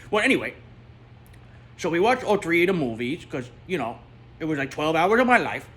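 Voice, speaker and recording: A man's voice: a little high, very animated, fairly quick, fairly bright tone, voice pushed up. A man voicing a chatty, jokey male toy dog who rambles, repeats words and laughs at his own jokes. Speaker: storyteller host. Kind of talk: comic storytelling monologue.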